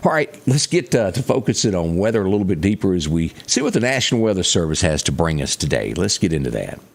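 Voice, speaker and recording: Southern weather guy from mississippi, lowish voice that bounces all over, chatty and folksy. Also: sing-song, fast, gravelly. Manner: chatty, folksy asides to viewers. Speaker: weather presenter. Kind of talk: folksy local weather report.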